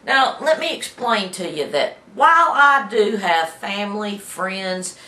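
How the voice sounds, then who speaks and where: A middle-aged Southern woman from Alabama hosts her own talk show, folksy and opinionated, her voice bright and sharp. Her pitch swings widely as she talks, with plenty of fillers and restarts. She is recorded in an echoey office room. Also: expressive, unhurried. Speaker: host. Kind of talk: casual talk show monologue.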